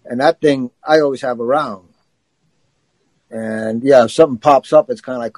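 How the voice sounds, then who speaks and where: A man's voice: mid-range voice, normal speed, long pauses, a little mellow, dry recording, poor audio. A man co-hosting a podcast, talking in an earnest, matter-of-fact way. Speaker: podcast co-host. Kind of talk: casual chat.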